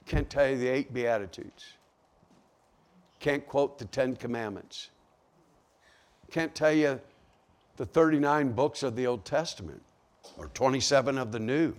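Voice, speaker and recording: A man's voice: medium pitch, unhurried, pauses often. A man preaching a sermon to a congregation, asking rhetorical questions as he goes. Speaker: pastor.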